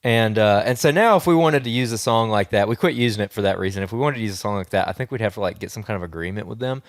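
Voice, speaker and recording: A man's voice: on the low side, racing, dry recording, clean studio sound. A man co-hosting an outdoors podcast, telling stories in a laid-back, jokey way. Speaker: podcast co-host. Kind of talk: casual chat.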